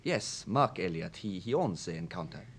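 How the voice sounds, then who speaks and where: A man's voice: deep voice, lively intonation, moderate pace, a bit bright, husky, heavily acted. An actor playing a hesitant, stammering young man in a radio drama. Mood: nervous. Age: young adult. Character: nervous young male student, evasive and eager.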